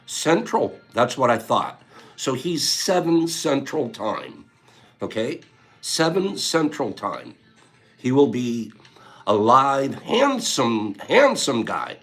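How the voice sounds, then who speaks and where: A man's voice: mid-range voice, a bit bright. Rambling, teasing livestream host man. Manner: rambling, teasing, laughs often. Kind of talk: casual chat reading viewer comments.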